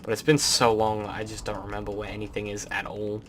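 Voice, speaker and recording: A young Australian man with an Australian accent touched with British, giving rambling, relaxed gameplay commentary full of ums. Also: lowish voice, brisk, slight background noise. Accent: Australian, mixed with British. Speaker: let's play host.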